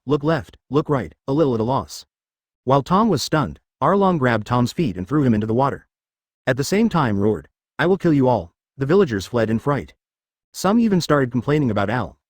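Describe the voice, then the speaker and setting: A man reads a long fan fiction story aloud. His pitch sits in the middle but swings widely, and the sound is dry with no room echo. The cadence stays even and steady, even over sound effects. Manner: reads page artifacts and sound words flatly, even cadence. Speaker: narrator.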